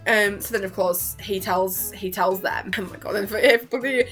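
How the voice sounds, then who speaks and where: A woman's voice: mid-range voice, a little slow, fairly bright tone, soft background music. A young woman vlogger chatting casually and rambling, gushing and giggling as she acts out quotes. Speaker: reaction vlogger.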